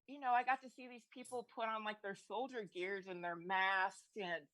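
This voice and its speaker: A woman's voice: mid-range voice, steady tone, normal speed, fairly bright tone, poor audio. Rambling woman telling a stand-up story. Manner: rambling, self-interrupting, laughs through lines. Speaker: comedian.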